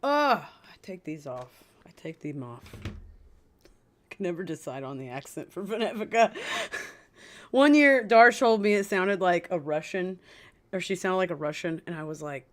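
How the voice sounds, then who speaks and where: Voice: mid-range voice, animated, normal speed. A game streamer in casual live-stream chat, talking to the viewers and humming while searching. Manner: chatty, talks to chat, hums while searching.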